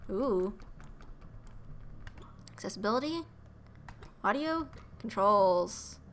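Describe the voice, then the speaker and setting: A woman streamer giving excited, gushing let's-play commentary with cutesy baby talk, game music faint behind her. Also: mid-range voice, slow, a little hiss or hum.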